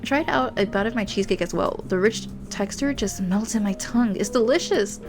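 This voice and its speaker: A woman's voice: mid-range voice, fairly quick. A young woman streamer reading a romance game aloud. She giggles and drifts into rambling asides. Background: game music.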